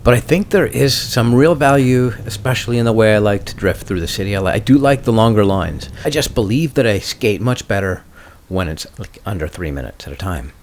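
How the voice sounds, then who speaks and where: A man hosting his own skating podcast, talking in a relaxed, musing, self-mocking way. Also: lowish voice, a little fast, a little hiss or hum. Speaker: podcast host and skater. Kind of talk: casual solo podcast talk.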